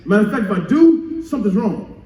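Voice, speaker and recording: High-voiced man preaching call-and-response. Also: big pitch swings, quick pace, distant mic. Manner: call-and-response preaching, repeats key phrases; surges from soft teaching to shouted emphasis. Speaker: pastor. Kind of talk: sermon. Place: church sanctuary. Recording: echoey church room.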